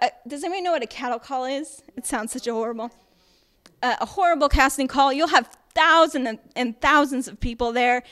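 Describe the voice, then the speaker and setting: Woman, acting workshop instructor, slightly high voice, chatty, emphatic, filler-heavy. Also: a bit bright. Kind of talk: workshop lecture.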